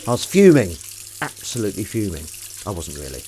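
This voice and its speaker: A man's voice: sits low, very animated, fairly quick, warm tone, a little hiss or hum. A man hosting a livestream, chatting casually and making self-mocking jokes while doing the washing up. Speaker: livestream host.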